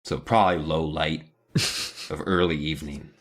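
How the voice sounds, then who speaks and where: A man's voice: very deep voice, steady tone, fairly bright tone, breathy edge. A man co-hosting a podcast, recapping a book in a jokey, casual way. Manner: jokey, does quick voices for characters. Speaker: podcast co-host.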